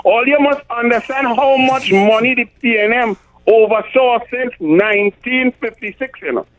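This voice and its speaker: A man's voice: extremely high pitch, normal speed, a crowd in the background. A middle-aged man with a Trinidadian accent, hosting a talk radio show and giving emphatic political commentary, often stumbling over numbers. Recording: tinny phone-like radio sound.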